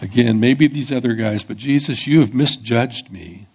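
A man voicing an earnest male disciple who pleads and insists that he will stay loyal, with a husky voice, within a sermon. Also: mid-range voice, moderate pace, lightly acted. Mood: fervent pleading. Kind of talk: acted-out scripture in a sermon.

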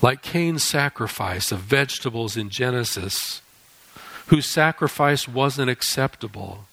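A man preaching a sermon as an animated storyteller who acts out scripture and scenes. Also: mid-range voice, a little slow, creaky, poor audio.

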